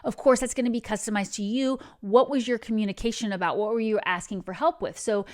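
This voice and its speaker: A woman's voice: fairly high pitch, steady tone, quick pace, a little mellow. A woman hosting a spiritual advice channel, talking in an earnest, meandering way that drifts into digressions.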